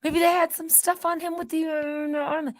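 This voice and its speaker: A woman hosting her own channel, rambling in a casual monologue that swings between loud outbursts and quiet muttered asides. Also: very high-pitched, flat delivery, normal speed, no echo, studio quality. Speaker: channel host.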